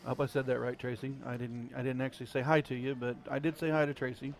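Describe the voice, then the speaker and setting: A man with an Ozark accent calling a darts match live, folksy, chatty and excitable. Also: medium pitch, fast talker. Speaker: darts commentator. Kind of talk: live play-by-play commentary. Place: darts venue. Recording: crowd chatter behind.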